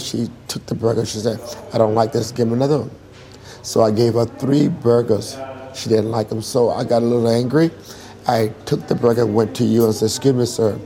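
A man's voice: medium pitch, vocal fry, dark tone. A man in his sixties, interviewed, telling a hard personal story earnestly and emphatically, acting out what people said. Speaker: interviewee, singer.

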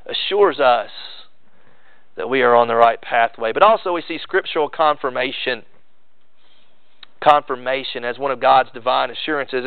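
A man delivers a sermon, building earnest emphasis and then dropping into relaxed, conversational asides. His voice sits slightly high. The sound is dry and narrow, like it's coming down a phone line. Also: no room sound. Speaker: pastor.

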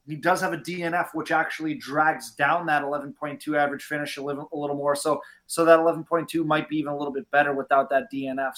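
A man's voice: a little high, a bit bright. A man who serves as the stats co-host on a casual podcast, methodically listing numbers. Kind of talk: casual chat.

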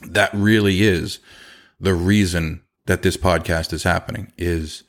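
A man's voice: low-pitched, steady tone, measured pace. A middle-aged man hosting a podcast, talking candidly and earnestly about his business, with frequent restarts and repeated phrases. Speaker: podcast host, chimney business owner. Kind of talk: candid casual monologue.

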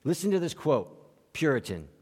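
A male pastor preaching an animated sermon, acting out quoted voices and chuckling between points. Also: a little high, normal speed, husky. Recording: long hall reverb.

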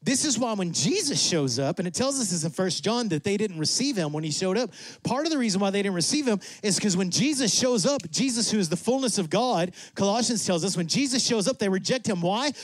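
A man preaching a sermon in a lively way, acting out God and Moses in quick asides. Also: no echo. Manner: drops to a soft, low voice for emphasis. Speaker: pastor.

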